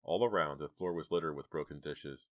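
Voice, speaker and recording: A male narrator reads a horror audiobook in a steady, measured way. His voice is extremely deep, and the recording is dry and close. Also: no echo.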